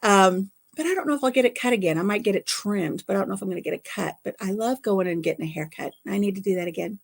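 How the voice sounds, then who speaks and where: A woman's voice: mid-range voice, quick pace. A middle-aged American woman chatting casually with her viewers, telling a long rambling story and repeating her phrases. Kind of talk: casual chat.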